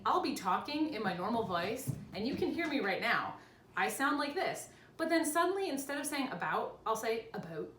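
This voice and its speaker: A young woman chatting casually in a vlog from her home, animated and quick to laugh. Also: mid-range voice, far from the mic, slight background noise. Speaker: vlogger. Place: home room with cats. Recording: echoey room with faint ambience.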